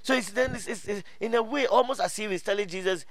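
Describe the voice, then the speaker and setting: High-voiced animated male pastor preaching. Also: fast talker, no room sound. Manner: animated preaching with call-outs to the congregation; laughs often, many restarts and fillers. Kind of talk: sermon.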